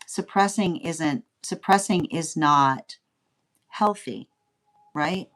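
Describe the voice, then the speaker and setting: A woman's voice: deep voice, slow pace, fairly bright tone. A woman giving a casual spoken tarot reading, rambling and often asking "right?" as she laughs along. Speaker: tarot reader.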